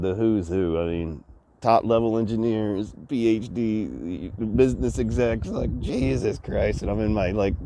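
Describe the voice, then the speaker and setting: A man's voice: mid-range voice, mellow. A man vlogging outdoors in a city, telling a rambling story, swearing, laughing a lot and mimicking the people in it. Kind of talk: rambling travel story while exploring a city.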